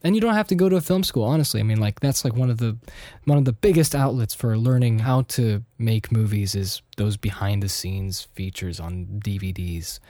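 A man's voice: fairly low pitch, normal speed, hardly any pauses, mellow, no echo. A young man hosting a podcast alone in casual chat, slightly nasal, rambling and self-deprecating with many restarts. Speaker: podcast host.

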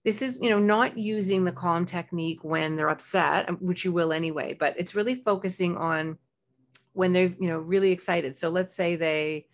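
Chatty parenting podcast woman, lowish voice. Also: moderate pace. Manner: warm, chatty advice with animated, high-pitched acted-out examples. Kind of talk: casual advice podcast.

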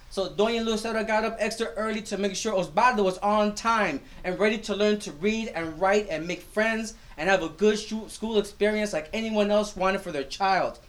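A man with a notably high speaking voice reads his own prose aloud at a live event. He tells it expressively and slips Spanish phrases into the narration. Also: fairly bright tone. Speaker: teacher. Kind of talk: live literary reading.

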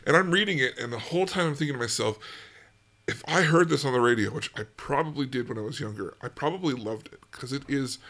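A man's voice: medium pitch, sharp tone. A man co-hosting a casual book podcast, chatty and laughing often. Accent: American. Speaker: podcast co-host. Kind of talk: casual book-club chat.

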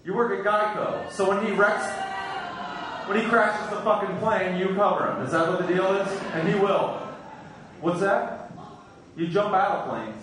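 A man's voice: high voice, moderate pace, long pauses. A man doing stand-up comedy in a club, brashly teasing the crowd with crude jokes, heard from far off in an echoey room.

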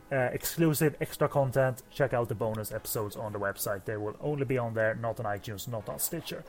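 A man's voice: mid-range voice, darkish tone. A man hosting a podcast, chatting casually and reading out show plugs with lots of fillers and jokes. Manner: rambling, jokey, reads plugs with fillers. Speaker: podcast host. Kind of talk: casual chat and show outro.

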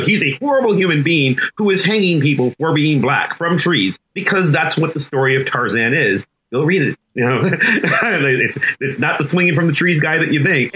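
A man with a bright, forceful voice holds forth on a podcast like a teacher. His delivery is emphatic and explanatory, at a middling pitch. The sound is casual discussion. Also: low-quality recording. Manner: lecturing, emphatic. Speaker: podcast co-host.

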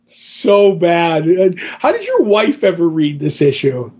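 A man's voice: fairly high pitch, very animated, slow, few pauses, a little mellow, slightly rough, lo-fi sound. A man co-hosting a podcast, casually talking about comics and recapping a story in a rambling way with many fillers. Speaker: podcast co-host. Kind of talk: casual comic book discussion.

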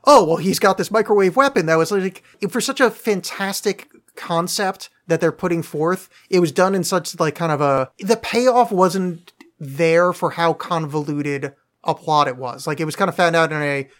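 Animated, sarcastic man critiquing a film. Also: fairly high pitch, normal speed. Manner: animated, sarcastic, restarts often. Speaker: podcast co-host. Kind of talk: casual film critique chat.

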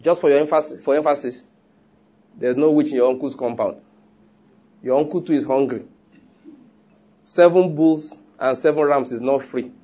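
A man's voice: mid-range voice, moderate pace, pauses often, warm tone. A man preaching a sermon, emphatic and teasing, often repeating his points. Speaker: pastor.

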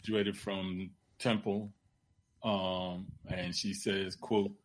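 A man co-hosting a talk radio show, speaking with hesitant, halting fillers. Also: low voice, flat delivery, slight background noise.

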